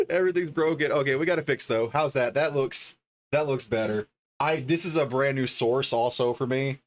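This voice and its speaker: A man's voice: mid-range voice, moderate pace. A man livestreaming from his home desk, chatting casually and thinking aloud as he reads out card names one after another. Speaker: livestreamer opening card packs.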